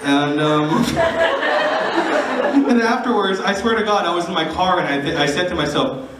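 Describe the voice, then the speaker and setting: A young man tells an embarrassing story with a lively, swooping voice, breaking into giggles and acting out each person he met. He sits well back from the mic in a very echoey room. A steady hiss runs under his voice. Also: high-pitched, measured pace. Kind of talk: casual storytelling to camera. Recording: echoey, distant, noisy phone recording.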